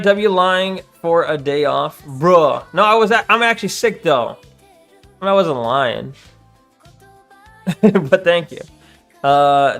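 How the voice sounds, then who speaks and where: A man's voice: on the high side, fairly bright tone. A young man streaming, chatting casually and rambling with a profane, joking manner as he reads his chat.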